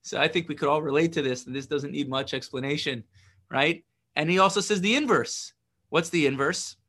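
Man, religious teacher, text study lesson, bright tone, higher pitch, explanatory. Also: a little fast. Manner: explanatory, asks rhetorical questions, often adds "right?".

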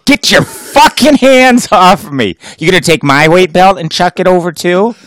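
A man's voice: mid-range voice, big pitch swings, measured pace, no room sound, studio quality. A man playing a bitter ranting husband. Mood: angry ranting. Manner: loud, sarcastic ranting. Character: bitter, hot-tempered husband diver.

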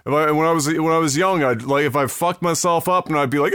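A man co-hosting a casual podcast, who laughs often, swears, and keeps adding quick remarks. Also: on the high side, steady tone, fairly bright tone, no echo, studio quality. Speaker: podcast co-host. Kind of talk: casual chat.

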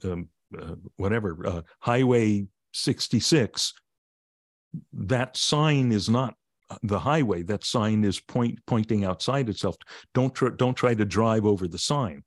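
Low-voiced man, plain-spoken teacher. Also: a little slow, no echo, clean studio sound. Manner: plain-spoken, gently humorous explaining. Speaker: meditation teacher and author, guest. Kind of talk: conversational podcast interview.

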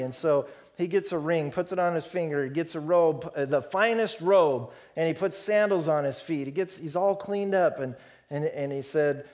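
A man preaching a sermon in a relaxed, storytelling way, acting out the characters. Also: a little high, normal speed.

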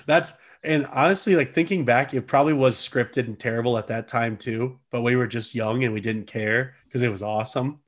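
Man, mid-pitched, jokey co-host who swears freely and laughs a lot. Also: fairly quick, hardly any pauses. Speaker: podcast co-host. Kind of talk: casual chat.

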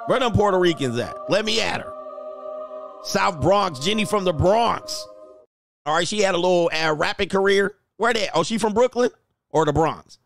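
A man's voice: sits high, expressive, moderate pace, gravelly, fairly bright tone, no echo, soft background music. A man hosting a casual livestream, reading out chat comments and joking in a loose, slangy way. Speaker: dating coach and channel host.

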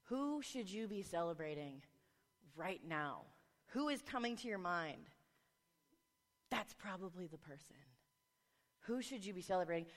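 A woman preaching a sermon, telling a family story with animated voices for the people in it. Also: mid-range voice. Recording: long reverb of a large hall.

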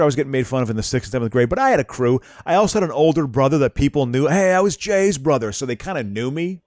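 A man's voice: mid-range voice, darkish tone, no room sound, studio quality. A man co-hosting a podcast in casual chat, telling rambling stories with stammered restarts and swearing. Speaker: podcast co-host.

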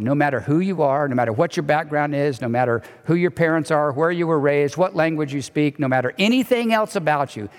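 A man preaching a sermon as pastor, animated, sometimes dropping to a soft hushed voice. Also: mid-range voice. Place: church sanctuary. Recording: long reverb of a large hall.

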